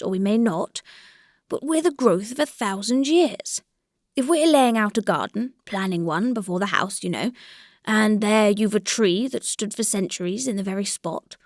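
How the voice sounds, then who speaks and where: A woman reading the lines of an old grey-whiskered country landowner, speaking in a measured, reflective and mildly complaining way, in a dry recording. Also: mid-range voice, no room sound, close to an everyday voice.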